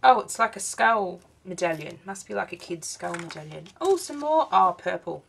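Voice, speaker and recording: Woman, craft unboxing vlog, gravelly fry in the voice, faint background hiss, tired, chatty. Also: fairly low pitch, normal speed. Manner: chatty, exclaiming over each item. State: tired, yawning. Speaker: craft vlogger.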